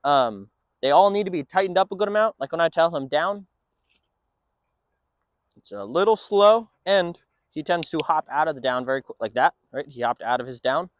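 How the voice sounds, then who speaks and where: Male dog trainer, upbeat explainer with a high lively voice, dry close sound. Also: normal speed, no echo. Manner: upbeat explainer mixing in short firm commands to a dog.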